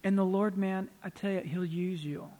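A male pastor preaching a sermon in a lively storytelling manner, acting out the people he quotes. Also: sits high, normal speed. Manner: animated storytelling, acts out quoted voices. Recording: long hall reverb.

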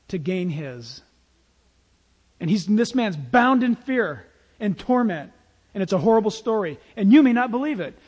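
A man's voice: high voice, darkish tone, big-room sound. A male pastor preaching an emphatic sermon in a large church, telling stories to the congregation.

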